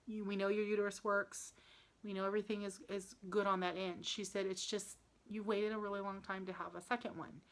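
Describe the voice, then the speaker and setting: A woman's voice: mid-range voice, flat delivery, brisk. Upset woman vlogging, full of ums. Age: 30s. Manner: emotional, frequent ums and restarts, upset and near tears. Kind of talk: casual personal vlog.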